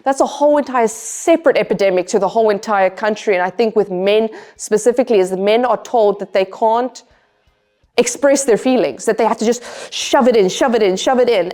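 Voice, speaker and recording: A woman's voice: a little high, a little mellow. A woman from Africa, answering interview questions in an earnest, emphatic way and often repeating her main points. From South Africa. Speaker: interview guest, tech developer.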